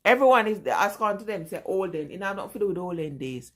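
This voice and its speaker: A woman's voice: medium pitch, expressive, fast talker. A middle-aged Jamaican woman with a strong Jamaican accent, chatting casually and rambling as she answers viewers in a live vlog. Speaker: vlogger.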